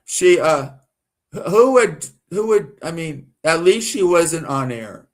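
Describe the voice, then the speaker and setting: A man from the American South rambles through live-stream commentary, circling back on his own words and flaring up indignantly. His voice sits a little high for a man, and he talks at an unhurried, drawn-out pace. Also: animated. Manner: rambling, repetitive, gets worked up and indignant.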